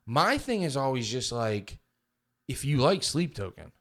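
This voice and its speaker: A man's voice: medium pitch, very animated, a little slow, a bit bright. A man co-hosting a podcast in casual chat, ranting with lots of profanity and mocking people in put-on voices. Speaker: podcast co-host.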